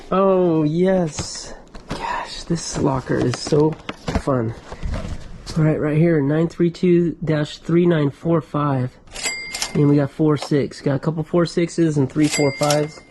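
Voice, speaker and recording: A man hosting a vlog who excitedly shows off his storage locker finds and thinks aloud as he goes, recorded on a camera inside a storage locker. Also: a little high, noisy background. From United States. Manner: enthusiastic, thinks aloud, drops into whispers. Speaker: storage locker reseller and channel host. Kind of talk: casual vlog, excited show-and-tell of finds. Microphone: GoPro camera.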